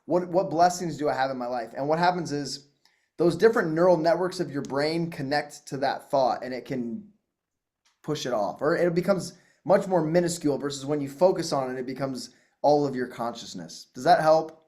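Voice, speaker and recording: Man, slightly high voice, calm explaining, hypnosis coach. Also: normal speed.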